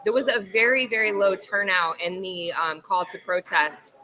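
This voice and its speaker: A woman's voice: mid-range voice, a crowd in the background, low-quality recording. A woman co-hosting a live morning talk show, laughing easily and speaking earnestly on serious topics. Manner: quick to laugh, then earnest about politics. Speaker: co-host.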